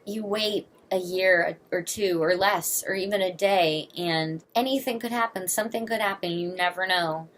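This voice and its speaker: A woman's voice: fairly low pitch, a bit bright. A woman in her twenties talking earnestly and candidly to camera in a personal confessional vlog, emotional and blunt. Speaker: vlogger.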